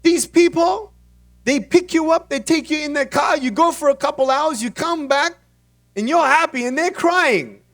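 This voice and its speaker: This is an anxious, demanding mother in her middle years, and she keeps pressing with question after question. Her voice sits very high, well above the man acting her out's own. Every line comes out forceful and insistent. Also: moderate pace, distant mic. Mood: worried, demanding. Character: worried questioning mother, middle-aged woman.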